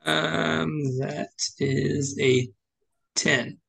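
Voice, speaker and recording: A man's voice: on the high side, steady tone, drawn-out words, vocal fry, a bit bright, slightly rough. A man playing in a tabletop game, arguing bluntly and pushily in character. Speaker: player. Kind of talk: in-character tabletop role-play.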